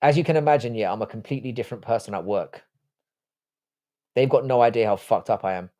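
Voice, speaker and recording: A man's voice: medium pitch, quick pace, dark tone. Profane, joking man hosting a stream. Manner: blunt, profane, joking banter. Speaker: livestream host. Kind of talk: casual live-stream chat reacting to viewer comments.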